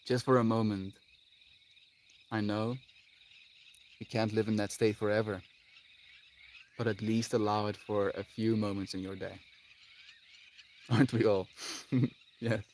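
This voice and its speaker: A man streaming live to his viewers, talking in a dreamy, heartfelt way with laughs and sighs, long pauses and phrases that trail off quietly. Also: on the low side, little pitch movement, slight background noise. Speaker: livestreamer. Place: outdoors with birds audible.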